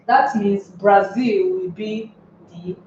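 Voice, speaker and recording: A woman's voice: medium pitch, fairly even intonation, slow pace, darkish tone, slight background noise. A woman teaching an English lesson, posing rhetorical questions to her class and then answering them herself. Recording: echoey room, distant mic, dull sound.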